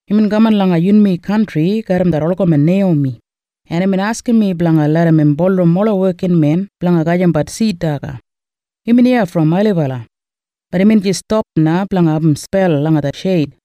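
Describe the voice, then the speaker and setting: A man with an Australian Kriol accent narrating a Bible story in measured storytelling. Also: high-pitched, mellow, dry recording.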